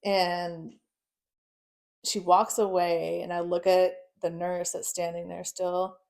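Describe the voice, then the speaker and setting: A woman's voice: fairly low pitch, level tone, slow, gravelly, a little mellow. A young woman telling a personal story casually and bluntly, swearing often. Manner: blunt, frequent swearing, nervous laughs. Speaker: guest.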